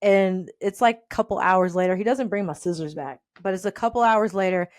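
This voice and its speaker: A woman casually telling a personal story, animated and laughing often as she acts out the people in it. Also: medium pitch, fairly quick, no room sound, clean studio sound.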